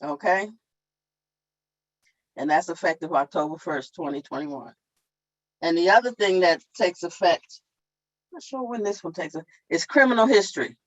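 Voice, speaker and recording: A woman's voice: fairly low pitch, moderate pace, long pauses, muffled recording. A woman at an online town hall, explaining tenant law step by step in a plain, repetitive way. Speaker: tenant advocate.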